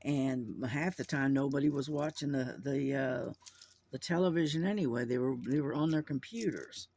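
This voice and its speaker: A man's voice: mid-range voice, moderate pace, a little mellow. A man chatting casually to his camera at home, rambling with lots of fillers and restarts. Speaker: vlogger. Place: at home indoors. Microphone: camera mic.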